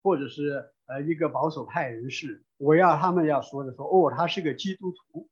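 Brief: male church interpreter, husky voice, a bit high, lo-fi sound. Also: fairly quick. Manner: fluent, with frequent hesitation fillers. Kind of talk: live sermon interpretation. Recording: dull lo-fi sound.

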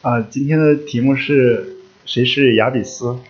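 A man's voice: medium pitch, a little slow, dull audio. A man interpreting a sermon line by line, opening each line with a short filler sound before speaking plainly.

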